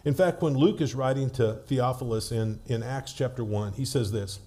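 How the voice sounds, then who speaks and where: A man delivers a sermon in a relaxed, conversational way, often restarting his phrases as he tells a story. His voice is mellow and dark, sitting at an ordinary pitch. When he reads scripture, his delivery slows and becomes more measured. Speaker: preacher.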